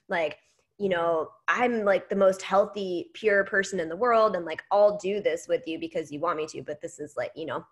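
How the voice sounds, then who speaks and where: Animated woman telling a story. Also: lowish voice, moderate pace. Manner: animated storytelling with quoted dialogue. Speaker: network marketing trainer. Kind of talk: casual training talk.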